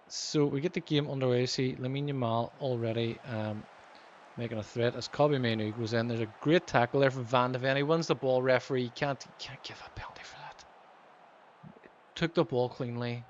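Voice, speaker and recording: A man hosting a gaming channel, giving casual gameplay commentary, hesitant with many ums and restarts, livening up when he calls the match action. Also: mid-range voice. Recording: slightly dull lo-fi mic, faint noise.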